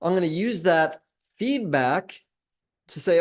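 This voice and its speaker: A man giving an earnest motivational talk, slowing down to stress key points. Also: a little high, expressive, darkish tone.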